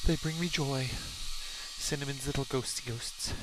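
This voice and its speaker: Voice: medium pitch, steady tone, unhurried, background noise. A co-host bantering casually in a joking way, stumbling over restarts.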